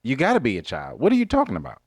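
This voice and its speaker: A man co-hosting a podcast from his couch at home, reacting with animated disbelief and laughing asides. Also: mid-range voice, very fast, no room sound. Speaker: podcast co-host. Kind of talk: casual chat. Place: living room couch at home.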